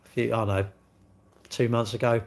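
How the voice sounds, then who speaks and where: A man's voice: medium pitch, flat delivery, brisk. A man, chatting casually on a live stream and telling rambling, sweary stories while answering viewers. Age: 60s.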